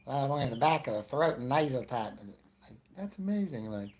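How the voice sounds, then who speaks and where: A man's voice: mid-range voice, big pitch swings, brisk, darkish tone. A man in his forties from Florida doing stand-up comedy, rambling through his stories and interrupting himself. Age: 40s. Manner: rambling, self-interrupting storyteller.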